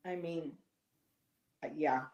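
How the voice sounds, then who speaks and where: A woman from western New York with a Buffalo accent speaks slowly in a low, warm voice, the audio dull with roomy echo. As a live-stream co-host, she chats casually and tells anecdotes, voicing the other people in them.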